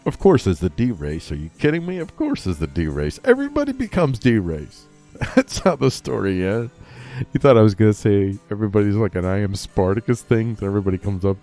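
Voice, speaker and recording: A man's voice: on the low side, expressive, brisk, warm tone, soft background music. A man hosting a casual comedy news show, reading stories aloud and breaking off into rambling jokey asides and talking to himself. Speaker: podcast host reading news.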